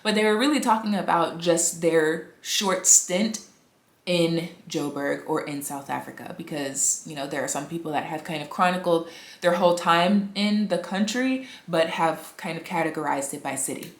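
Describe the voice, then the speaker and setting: Woman rambling to her vlog camera at home, lowish voice, lots of "you know", roomy echo. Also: moderate pace. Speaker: vlogger. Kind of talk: casual chat to camera. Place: indoors at home, upstairs. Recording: echoey room.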